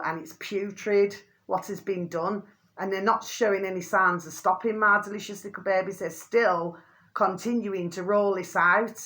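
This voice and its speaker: Rambling woman vlogging to viewers. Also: a bit bright. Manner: rambling, keeps calling viewers "my delicious little babies"; mild euphemistic swearing, pitch climbs when indignant. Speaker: channel host. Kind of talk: rambling vlog monologue to viewers.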